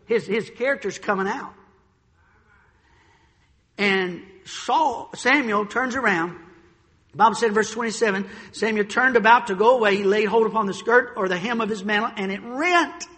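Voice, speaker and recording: A male pastor preaching a sermon in a church sanctuary, animated, repeating words as he builds a point. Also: high-pitched, moderate pace, long reverb tail.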